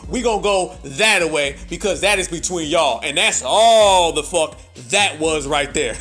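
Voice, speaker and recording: A man's voice: high-pitched, bright, forceful tone. A man hosting political commentary, emphatic and profane, repeating points for emphasis. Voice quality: emphatic, repetitive, profane, preacher-like. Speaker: host.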